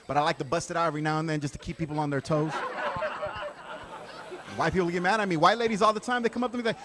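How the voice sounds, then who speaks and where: A man doing a stand-up set, conversational with deadpan punchlines. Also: a little high, rapid-fire, a faint crowd, a little hiss or hum. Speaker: stand-up comedian.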